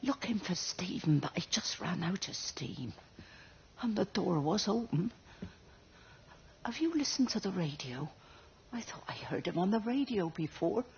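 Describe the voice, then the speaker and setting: A woman's voice: lowish voice, sing-song, a little slow, darkish tone, muffled recording, slight background noise. An actress voicing a firm, scolding older village woman, searching for her son in a video game. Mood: weary. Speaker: game character.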